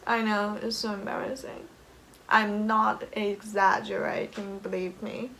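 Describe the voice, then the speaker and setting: Slow-talking young woman from China. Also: medium pitch, level tone, fairly bright tone, poor audio. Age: young adult. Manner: emotional, laughs often, many fillers. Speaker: vlogger. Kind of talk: casual storytelling to camera.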